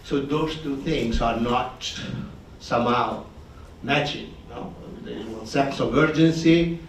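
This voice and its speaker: A man's voice: mid-range voice, slow, a little hiss or hum. A man moderating a conference session, addressing the audience hesitantly with many fillers. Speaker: event moderator. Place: conference room. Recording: roomy, distant hall mic.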